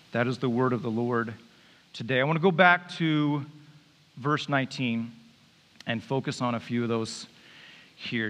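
A man preaches in a loose, conversational way, joking with his listeners between passages of scripture. His voice sits at an ordinary middle pitch. It carries a long reverb, as if it fills a large church hall. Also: fairly bright tone. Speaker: pastor. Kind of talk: sermon.

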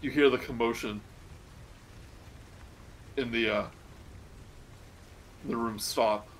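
A man narrating a tabletop game as game master, casual and halting, with fillers. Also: medium pitch, fairly even intonation, slight background noise, poor audio.

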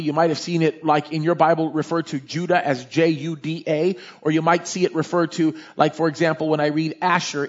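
Male Bible teacher, animated and questioning, husky voice, lo-fi sound. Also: on the high side. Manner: animated, often asks "right?". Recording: dull lo-fi recording.

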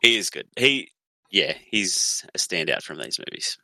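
A man's voice: low voice, sing-song, a little slow, vocal fry, pushed and bright, no room sound. A man co-hosting a casual film chat, dry and understated as he picks at plot points. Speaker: podcast co-host.

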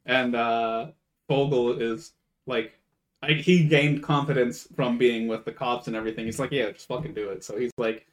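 A man co-hosting a relaxed podcast chat, recapping a film scene by scene. His voice sits in an ordinary middle pitch, and he keeps breaking into loud, animated impressions of the characters. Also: normal speed. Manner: animated, acts out quotes in raised voices. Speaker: podcast co-host. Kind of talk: casual chat, retelling a movie.

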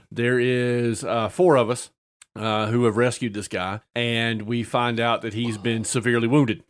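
Regular-pitched guy telling a game story, lots of uhs, keeps cracking up. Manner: laughs often while telling a story, with many filler "uh"s. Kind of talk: casual storytelling chat.

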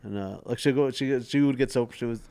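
A man in his forties, a stand-up comedian, chatting as a guest and telling loose, animated stories that he laughs through. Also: medium pitch, fairly quick, smooth. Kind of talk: casual storytelling chat.

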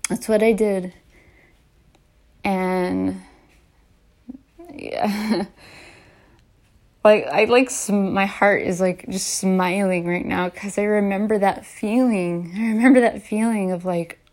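A woman in her late thirties talking in a casual, heartfelt and rambling way as a vlogger, often laughing softly between restarts. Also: medium pitch, fairly even intonation, takes it slowly, pauses often. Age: late 30s. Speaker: vlogger and podcaster. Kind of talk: casual heartfelt personal talk.

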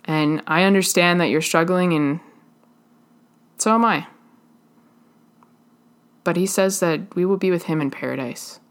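Female preacher, earnest and halting sermon delivery, lower-pitched voice. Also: smooth.

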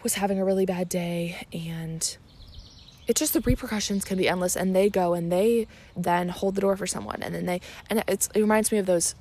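A woman's voice: on the low side, fairly even intonation, fairly quick, a little mellow. A young woman hosting a casual solo podcast, chatty and rambling, with many fillers and restarts. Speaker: podcast host.

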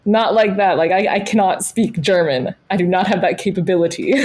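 A woman's voice: medium pitch, moderate pace, darkish tone, breathy edge. An American woman co-hosting a podcast, telling stories in a casual, chatty way full of "like". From United States. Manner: chatty, storytelling, frequent "like" fillers. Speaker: podcast co-host.

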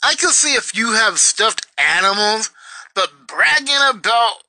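Man putting on a high, whiny, baby-talking young woman, sharp and bratty. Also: expressive, a little slow, creaky, dry recording, full character voice, rough recording. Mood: mocking. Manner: simpering, mocking baby talk.

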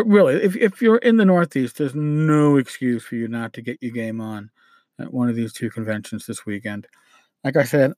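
A man with a New York accent chats casually as a show's host. He rambles and restarts his sentences, in a middle-pitched voice. The sound is close and dry, with no room around it. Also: darkish tone, no room sound. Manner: rambling, self-correcting. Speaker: podcast host. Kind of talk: casual solo chat.

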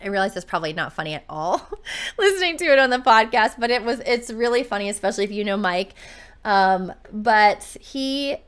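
A woman's voice: medium pitch, expressive, fairly quick, a bit bright, smooth. A woman talking as a podcast host and running coach, chatting casually and telling a story in an upbeat way.

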